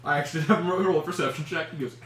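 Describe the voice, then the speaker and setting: A man's voice: a little high, fairly even intonation, racing, a bit bright. A young man narrating as dungeon master of a tabletop game among friends, loose and laughing often. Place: home room with friends. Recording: roomy, distant, noisy home recording.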